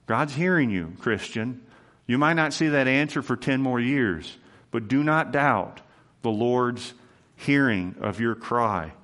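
An earnest male pastor delivering a sermon in a mid-pitched voice. He presses his points with emphatic repetition and moves naturally into a heartfelt prayer. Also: measured pace, fairly bright tone. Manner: earnest and emphatic, repeating key phrases.

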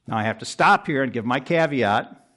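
Man, preacher, sermon, earnest, pressing, middle pitch, quick rises for emphasis, quiet low verse endings. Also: expressive. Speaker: pastor. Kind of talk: expository sermon. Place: room with a congregation.

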